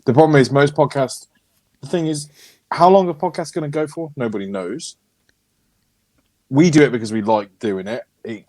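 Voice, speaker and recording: Brief: lower-voiced man, British podcast co-host, loose jokey banter, close and dry. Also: no room sound. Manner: animated, swearing, jokey. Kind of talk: casual banter.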